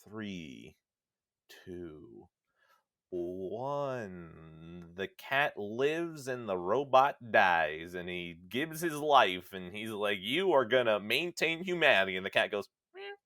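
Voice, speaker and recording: A young man co-hosting a podcast in casual chat, animated and swearing freely, acting out voices as he tells stories. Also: lowish voice, slow pace, dry recording, clean studio sound. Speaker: podcast co-host.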